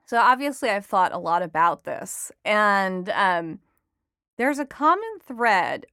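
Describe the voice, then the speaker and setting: A young adult woman talking on a podcast as a reporter guest, chatty and lively in her asides. Her voice is smooth and clear, at a medium pitch, and the recording is dry and close. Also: no room sound. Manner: chatty and enthusiastic, quick asides with laughter. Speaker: entertainment reporter and author guest. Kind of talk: podcast interview.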